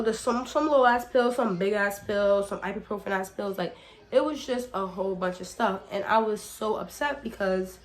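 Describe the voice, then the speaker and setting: A young woman vlogger telling a casual storytime. She sounds slightly hoarse from a cold, talks chattily, swears freely, and fills her speech with "like" while speaking straight to her viewers as y'all. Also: mid-range voice. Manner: addresses viewers directly as y'all.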